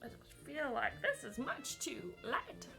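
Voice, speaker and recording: Bright-voiced chatty woman streamer. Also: a little high, sing-song, a little slow, gravelly, faint music behind. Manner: chatty, giggly, thinks aloud while fiddling with settings. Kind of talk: live game stream chat and reading aloud.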